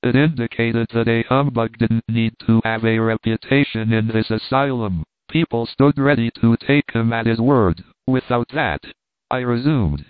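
Male reader for a first-person story, wry and lively; dry, phone-like recording. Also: medium pitch, normal speed, clear, resonant tone, no echo. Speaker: audiobook reader.

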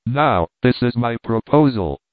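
A stubborn older professor with a firm, commanding delivery, as an audiobook reader puts him on. The sound is dry and narrow, like it is coming down a phone line. His voice sits at an ordinary middle pitch for a man. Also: animated, unhurried, no room sound, close to an everyday voice. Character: stern, obstinate older male professor. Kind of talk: audiobook reading.

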